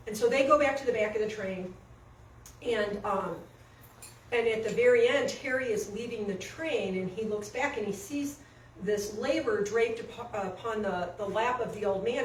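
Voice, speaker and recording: A woman coach tells a story with animated energy, slipping into voices now and then. Her voice sits fairly high. The recording is roomy and echoing, with her off the mic and faint noise behind. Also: normal speed, recorded from a distance. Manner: animated storyteller, acts out quotes. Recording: echoey room, speaker off-mic, faint noise.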